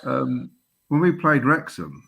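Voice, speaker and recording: Husky-voiced man telling a football story. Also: medium pitch, big pitch swings, slow, bright, forceful tone. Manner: chatty storyteller, many fillers. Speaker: guest. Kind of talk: casual football chat.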